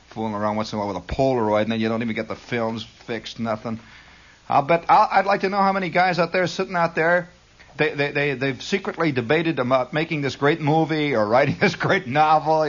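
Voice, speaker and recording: In a radio studio, a male host with a mid-range, fairly bright voice delivers a brisk improvised monologue. He's wry and needling, occasionally slipping into mock voices, and the recording has a dull, lo-fi 1960s radio quality.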